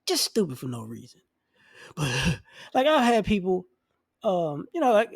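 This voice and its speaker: A man delivering a blunt, profane, mocking rant in a casual monologue, now and then mimicking the people he mocks in high voices. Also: huge pitch swings, takes it slowly, gravelly, long pauses, no echo, studio quality. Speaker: commentary vlogger.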